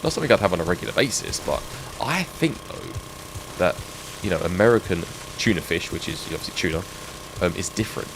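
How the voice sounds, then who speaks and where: A middle-aged English man chats with his stream audience, his low, gravelly voice swinging up and down as he laughs and reminisces. The recording carries clear background noise from the game running underneath. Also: very animated, brisk. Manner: chatty, reminiscing with chat, laughs often. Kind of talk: casual live-stream chat.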